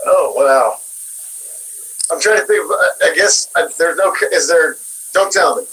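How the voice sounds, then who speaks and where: Guest voice actor: bright, lively man, higher voice, storytelling, quick to laugh. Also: rough recording. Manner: animated storyteller, laughs often. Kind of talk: casual interview chat.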